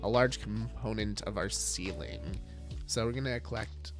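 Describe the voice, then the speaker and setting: A man's voice: on the low side, normal speed, music in the background. A man streaming a game live, chatting casually and greeting viewers, with many fillers. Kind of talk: casual livestream chat.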